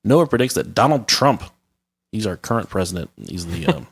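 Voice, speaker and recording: A man's voice: lowish voice, sing-song, normal speed, vocal fry, husky. A man hosting a podcast in casual, crude comedy chat, joking irreverently and reading articles aloud with asides. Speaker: podcast host.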